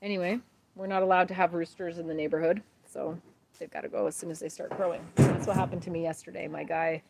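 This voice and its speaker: A woman, chatting casually as a homesteading host on a livestream, rambling and warm-hearted. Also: fairly low pitch, fairly even intonation, quick pace, creaky, noisy background. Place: outdoors at night by a grill.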